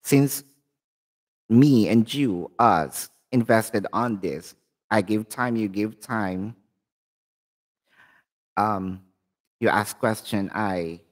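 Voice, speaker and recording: A man with a Filipino accent reads tarot cards live and talks straight to his viewers in a chatty, direct way. His pitch swings widely, and he takes his time between phrases. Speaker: tarot reader and channel host. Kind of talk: live-streamed tarot reading, casual talk to viewers.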